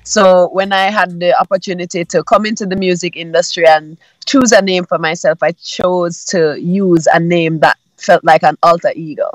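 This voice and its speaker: A woman, a musician guest on a radio interview, talking calmly and reflectively with many "you know"s. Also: lowish voice, normal speed, hardly any pauses, no echo.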